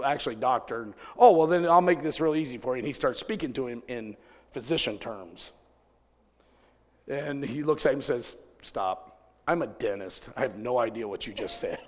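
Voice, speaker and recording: Folksy preacher man in a reverberant hall. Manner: folksy storytelling, swings from loud exclamations to low asides. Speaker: pastor. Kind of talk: sermon. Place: church service. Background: congregation.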